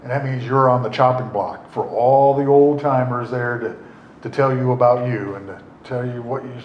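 A man's voice: medium pitch, fairly even intonation, normal speed, lo-fi sound. A middle-aged man telling his recovery story in a rambling, wry way, full of fillers and restarts. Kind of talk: casual spoken storytelling. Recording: roomy echo, faint noise.

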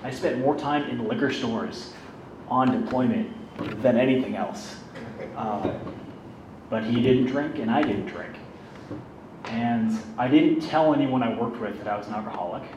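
Guy telling his own story, joking at himself, mic kinda far off, clear background noise. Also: medium pitch, a little slow, long pauses, echoey room. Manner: candid, self-deprecating, conversational. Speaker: speaker sharing his recovery story. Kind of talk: personal storytelling talk.

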